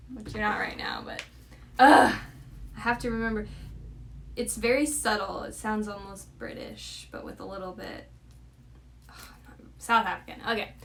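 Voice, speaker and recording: A woman's voice: medium pitch, creaky, a bit bright, a little hiss or hum. A young woman hosting a casual chat, giggly and self-conscious as she tries accents. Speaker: host. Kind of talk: casual chat doing playful accent impressions.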